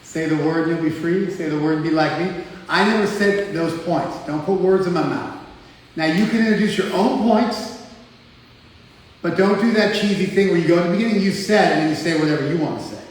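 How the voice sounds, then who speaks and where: Here the American man's voice sits on the high side and moves briskly. He's a spiritual teacher giving a teasing, chatty class lecture peppered with "like," recorded from a distance in an echoey hall with slight background noise.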